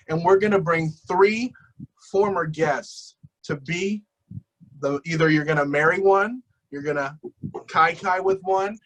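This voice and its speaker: A man's voice: a little high, fairly bright tone, rough recording. A man with an American accent, a drag queen interviewing another, upbeat and reading out messages. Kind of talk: casual interview chat.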